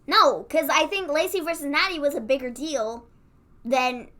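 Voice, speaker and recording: A woman's voice: sits high, normal speed, pushed and bright. A woman co-hosting a casual live-stream recap, giving blunt and dismissive opinions. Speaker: co-host.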